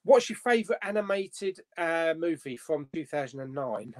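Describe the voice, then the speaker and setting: Lively man with a bouncy voice. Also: fairly high pitch, moderate pace, dry recording. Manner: lively, reads out chat comments. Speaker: guest. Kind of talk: casual live-stream chat.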